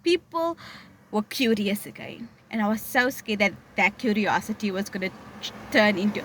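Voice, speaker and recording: A woman's voice: medium pitch, animated, moderate pace, fairly bright tone, a little hiss or hum. A young woman tells a personal story in a candid, conversational way. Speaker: vlogger.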